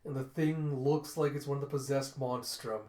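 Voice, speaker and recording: A man casually walking through the panels of a comic, chatty and loose, with fillers and self-corrections. His average-pitched voice carries a roomy echo. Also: little pitch movement, moderate pace, mellow. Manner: casual, chatty, repeats "and you see". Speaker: comic book reviewer.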